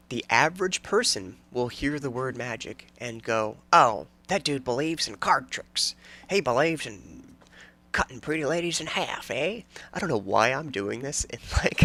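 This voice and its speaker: A man in his thirties hosts a casual solo podcast, wandering from thought to thought and tripping over his own sentences. His voice is bright and gravelly. His pitch swings widely as he jokes along. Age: 30s. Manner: rambling, self-interrupting and jokey. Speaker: podcast host.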